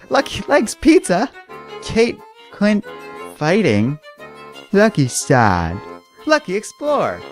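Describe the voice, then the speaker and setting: A man doing Lucky, a yappy high-pitched excitable dog. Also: heavily acted. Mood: curious. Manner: broken baby-talk in short bursts of one or two words. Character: excitable simple-minded male pet dog. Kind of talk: comedic voiced bit in a comic recap.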